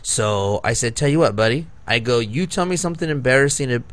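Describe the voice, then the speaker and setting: A man's voice: medium pitch, animated, brisk, dry recording. Guy in his 30s rambling thru a dirty story on a podcast, cussing a lot, laughing at himself. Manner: rambling, profane, laughs at his own stories. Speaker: podcast co-host. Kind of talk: casual storytelling.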